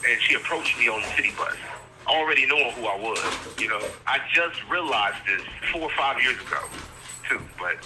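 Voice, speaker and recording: Calling in by phone from prison, a man in his forties from Virginia, USA, gives a candid interview, speaking plainly and earnestly while rambling a little. His mid-range voice is expressive and fairly quick, and the background is noisy.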